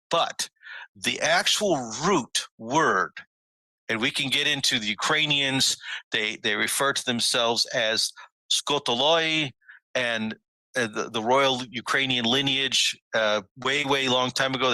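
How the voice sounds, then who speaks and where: A man's voice: medium pitch, bright, forceful tone, no room sound, rough recording. A man giving a casual history lecture on a video call, musing aloud and rising on rhetorical questions. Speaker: presenter of a history talk. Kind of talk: casual lecture over a screen share.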